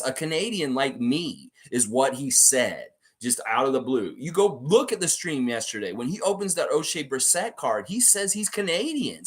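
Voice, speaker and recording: A man's voice: medium pitch, slightly rough. A man hosting a fan livestream, reading viewer comments aloud and reacting in casual chat.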